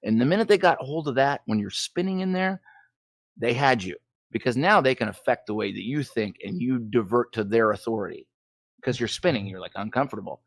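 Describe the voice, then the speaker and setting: A man's voice: mid-range voice, lively intonation, brisk, no room sound. A man calling into a show, talking in a ranting, swearing, heated way, then apologizing for it. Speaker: caller. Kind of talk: casual call-in chat.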